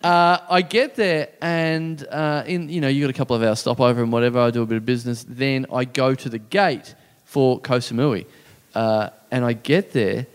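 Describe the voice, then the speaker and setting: A man's voice: medium pitch, normal speed, clear, resonant tone, in a large hall. A man in his forties, podcast co-host, telling a rambling anecdote in casual chat, laughing often. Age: 40s.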